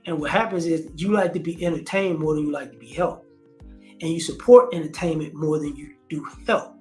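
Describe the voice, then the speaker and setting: A man's voice: a little high, a little fast, soft background music. A man hosting a casual commentary vlog, talking in slang, repeating phrases and acting out quotes. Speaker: host.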